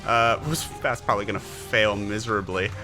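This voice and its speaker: A man running a tabletop game as game master, narrating in a relaxed, chatty way with many fillers. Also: lowish voice, a little fast, over music.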